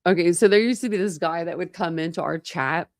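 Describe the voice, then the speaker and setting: A woman's voice: lowish voice, brisk, no echo, clean studio sound. A woman hosting a true crime channel, chatting casually and rambling to her live chat.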